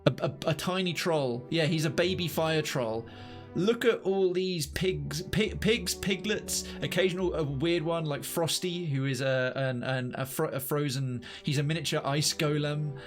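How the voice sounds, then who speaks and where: A chatty male game streamer with a voice that sits a little high for a man, talking into a desk mic over faint game music. He trips over his words and starts sentences again, and he jumps and exclaims easily. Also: measured pace. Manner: chatty, excitable, stammers and restarts. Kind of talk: live let's-play commentary.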